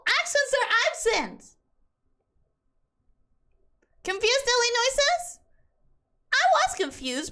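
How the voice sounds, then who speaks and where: A woman's voice: extremely high pitch, pushed and bright. A young woman whose first language is Spanish, chatting casually and animatedly while streaming a game, rambling as she talks. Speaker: VTuber streamer.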